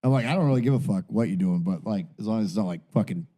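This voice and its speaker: A man's voice: on the low side, very fast, mellow. A man from New England, co-hosting a podcast and telling a wry anecdote. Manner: wry anecdote with quoted exchanges. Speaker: podcast co-host. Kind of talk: casual chat.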